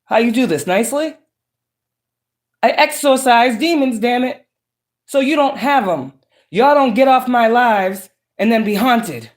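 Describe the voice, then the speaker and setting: A woman's voice: a little high, expressive, measured pace. A woman giving a profane, emphatic, preachy casual monologue as a psychic tarot reader. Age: adult with children.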